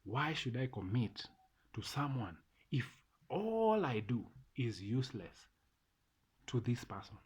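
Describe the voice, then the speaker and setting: A man's voice: mid-range voice, big pitch swings, takes it slowly, breathy edge. A middle-aged man with a Kenyan accent, delivering an emphatic, repetitive opinion monologue to camera as a vlogger. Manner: ranting, emphatic, repeats phrases.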